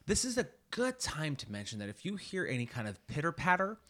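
Lively teasing man on a podcast. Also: fairly high pitch, brisk. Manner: teasing, joking banter. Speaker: podcast co-host. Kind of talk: casual chat.

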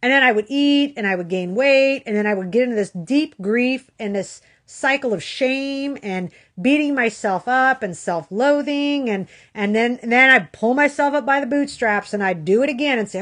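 A woman's voice: a little high, moderate pace, a bit bright. A woman giving a candid motivational talk about weight loss, earnest and frank, with tough-love asides and repeated phrases.

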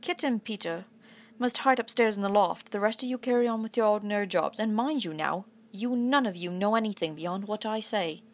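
Reading a storybook aloud, a woman gives voice to a stubborn middle-aged farmer father, sounding stern, blunt, rumbling, and defiant. Her own voice is close to everyday and a little fast.

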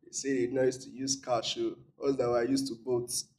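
A man's voice: mid-range voice, normal speed, slight background noise. A Nigerian man, a guest on a chat show, telling stories about his travels with a straight face. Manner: deadpan, straight-faced humor. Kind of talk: casual storytelling.

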